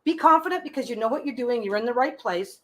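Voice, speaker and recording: A slightly high-voiced woman gives live tarot readings in a loose, chatty way. She stumbles and repeats herself as she thinks aloud, then settles into reassuring advice. Her pitch sits a little above the usual. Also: lively intonation, fast talker. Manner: chatty, frequent restarts and repeated phrases. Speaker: tarot reader hosting a live stream.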